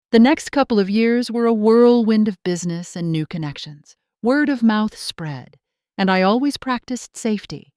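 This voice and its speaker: A woman narrating a first-person drama story in a steady, scripted storytelling delivery. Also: medium pitch, dry recording, studio quality.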